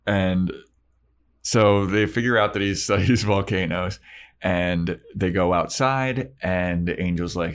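Deep-voiced laid-back man recapping. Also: slow. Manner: laid-back, rambling, laughs often. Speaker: podcast co-host. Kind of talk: casual recap chat.

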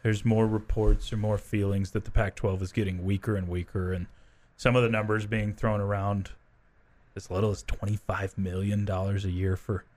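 A man's voice: fairly low pitch, little pitch movement, normal speed, a little mellow. A man hosting a morning sports talk show, chatty, leading the conversation with questions to his co-host. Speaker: fill-in sports radio host.

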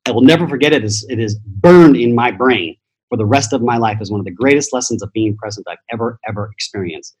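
A man's voice: mid-range voice, fast, a little mellow, husky, low-quality recording. A middle-aged man, a podcast guest, telling personal stories in a blunt, profane motivational style. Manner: blunt, profane, acts out voices in quotes. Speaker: podcast guest, transformation teacher. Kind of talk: motivational storytelling.

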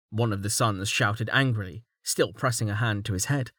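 A man's voice: fairly low pitch, moderate pace, a bit bright, slightly rough, no echo. Male audiobook narrator, dry close sound. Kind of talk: scripted narration.

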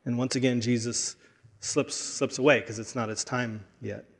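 A man's voice: mid-range voice, steady tone, normal speed, gravelly. A man preaching a sermon in a conversational way, with frequent fillers and restarts.

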